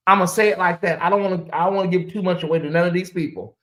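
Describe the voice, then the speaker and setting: In a rapid-fire delivery with hardly any pauses, a woman with a steady, lowish voice hosts a casual livestream. She rambles, says the same phrases over again, and addresses her chat directly.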